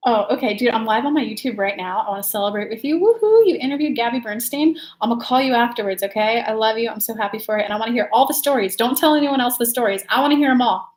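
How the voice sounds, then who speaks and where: A woman's voice: fairly high pitch, expressive, fast, hardly any pauses. A young woman from California chatting casually on a livestream, rambling and laughing as she talks. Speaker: livestream host, tarot reader.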